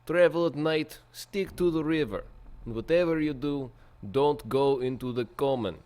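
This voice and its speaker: A man's voice: on the high side, normal speed, darkish tone, pitched above the performer's own voice, natural voice. Male gamer putting on a hammy mock-Russian voice, tender and exaggerated. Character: gentle man with a mock Russian accent.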